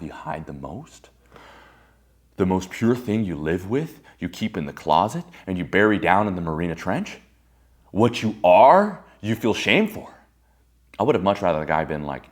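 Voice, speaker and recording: A man giving a motivational talk to a group, intense and profane, dropping to a hushed whisper for emphasis. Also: low-pitched, sing-song, moderate pace. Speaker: motivational speaker.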